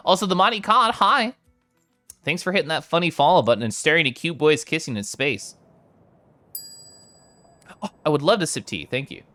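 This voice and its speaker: A man streaming a video game, chatting casually and excitedly while reading chat aloud and giggling. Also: fairly high pitch, moderate pace, long pauses, faint music behind.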